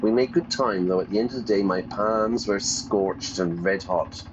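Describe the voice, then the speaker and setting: A man with a lowish voice reads a game's narration aloud for English learners, pausing in a playful way to gloss words and fix his own slips. The sound is a little dull and lo-fi, with a faint hiss behind him. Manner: playful, pauses to gloss vocabulary and self-correct. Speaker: English teacher streaming a game. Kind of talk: reading game text aloud and explaining words.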